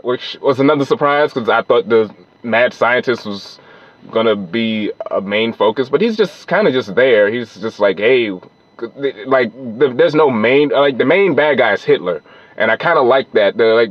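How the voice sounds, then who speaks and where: A man's voice: mid-range voice, dry recording, muffled recording. Rambling man reviewing a film. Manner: rambling, loose, many fillers and restarts. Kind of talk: casual film review monologue.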